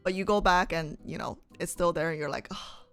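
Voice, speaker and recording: A woman's voice: on the low side, a little fast, a bit bright, clear, resonant tone, soft background music. A young woman streamer chatting casually with her viewers, reading their comments, laughing often and asking them questions.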